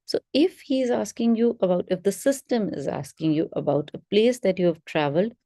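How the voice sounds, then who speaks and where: A woman's voice: medium pitch, a little fast, dark tone, dry recording, clean studio sound. A woman teaching test preparation in a webinar, in an instructive way that stresses key words. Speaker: English test prep teacher.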